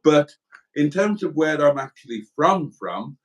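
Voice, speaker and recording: A man's voice: on the high side, big pitch swings, unhurried. Rambling man hosting a livestream. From South Wales. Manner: rambling, self-deprecating, chatty. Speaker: livestream host. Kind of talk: casual livestream chat reading comments.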